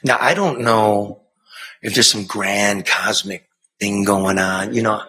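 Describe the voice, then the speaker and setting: A middle-aged man, a former TV news reporter, telling a personal story in an earnest, conversational way, moving from hushed to impassioned. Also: fairly low pitch, steady tone, takes it slowly. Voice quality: raspy. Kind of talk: earnest spoken storytelling and banter.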